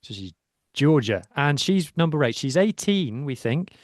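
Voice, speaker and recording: A man's voice: a little high, very animated, a little slow, a little mellow, dry recording, clean studio sound. A man, talking enthusiastically and at length about rugby on a casual podcast, with frequent ums. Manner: enthusiastic, rambling with many ums. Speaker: podcast co-host. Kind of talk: casual sports chat.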